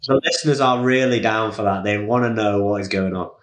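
A man's voice: lowish voice, fairly quick. A man co-hosting a casual podcast chat, teasing and joking with his friend. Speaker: podcast co-host. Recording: roomy echo.

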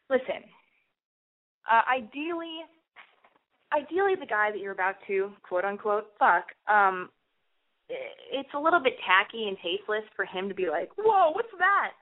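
A young adult woman hosting an advice podcast, talking bluntly and profanely in a rambling, self-correcting casual monologue. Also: mid-range voice. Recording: tinny phone-like sound.

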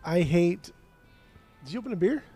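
A man's voice: high voice, lively intonation, normal speed. A man in his thirties, co-hosting a music podcast remotely, sarcastic and nitpicking in casual banter. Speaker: podcast co-host. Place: remote from co-host.

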